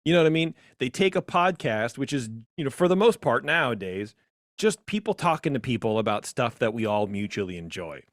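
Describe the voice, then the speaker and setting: Man, podcast co-host, opinionated casual chat, animated, dry close sound. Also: fairly quick, no room sound. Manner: animated, jumps to high mocking voices.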